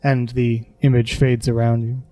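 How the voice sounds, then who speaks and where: A man's voice: medium pitch, little pitch movement, moderate pace, dark tone, no room sound. A man running a tabletop game, dry close sound. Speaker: game master.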